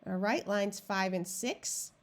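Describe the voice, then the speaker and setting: A woman's voice: medium pitch, fairly even intonation. A woman reading tutor giving a phonics lesson, sounding out practice words one at a time and explaining syllable rules. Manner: slow, deliberate, clear word-by-word modeling.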